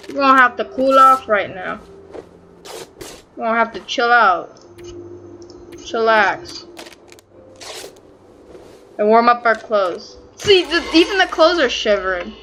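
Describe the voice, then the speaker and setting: A woman casually commenting on her own gameplay, excitable and swearing freely as she talks back at the game. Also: fairly high pitch, unhurried, a little hiss or hum, rough recording. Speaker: gaming channel host. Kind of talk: casual let's-play commentary.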